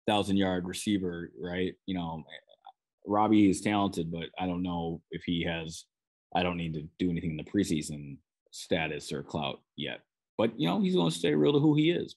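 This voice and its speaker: A man with a Minnesotan accent hosts a solo sports podcast, breaking down players and practices. His voice sits low, and he talks in a relaxed, rambling way, often restarting his sentences mid-thought. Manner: conversational, with frequent restarts and "you know". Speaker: sports beat writer and podcast host.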